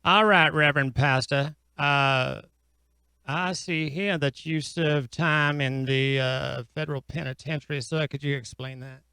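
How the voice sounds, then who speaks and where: A man's voice: a little high, steady tone, unhurried, pushed and bright, smooth, no room sound, poor audio. A man on an improv comedy radio show playing a pompous, long-winded judge who mangles big words. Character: blustering, pompous male courtroom judge. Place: radio studio. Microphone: studio mic.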